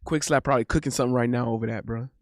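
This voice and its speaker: A man's voice: mid-range voice, fairly even intonation, racing, no room sound. A young man hosting a live stream, chatting casually in a loose, repetitive, slangy way on a close desk mic. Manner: loose, repetitive, swears, says bro a lot. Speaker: streamer host.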